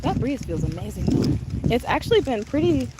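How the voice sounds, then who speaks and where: Excitable high-voiced woman vlogging outdoors. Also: normal speed. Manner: excitable, gushing, chatty. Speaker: travel vlogger. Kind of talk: live-streamed walking tour. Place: outdoor lakeside park. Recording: outdoor noise, wind and ambience.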